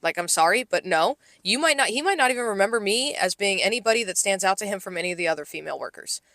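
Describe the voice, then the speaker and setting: A young woman who co-hosts a podcast and works as a restaurant server tells a work story in loose, casual chat packed with fillers and acted-out quotes. Her mid-range voice has lively intonation and a fairly bright tone, and she talks fast. The recording is dry.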